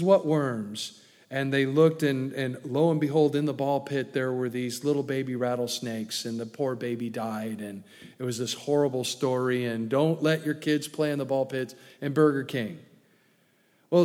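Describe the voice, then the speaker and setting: A man's voice: mid-range voice, a little mellow. Man preaching a sermon in a reverberant hall. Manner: folksy storytelling, grows emphatic. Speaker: pastor.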